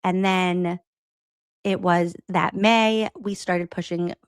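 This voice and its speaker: A woman's voice: lowish voice, fairly even intonation, takes it slowly, clean tone, no room sound. A woman podcast host reading an interview transcript aloud and adding wry asides between the quotes.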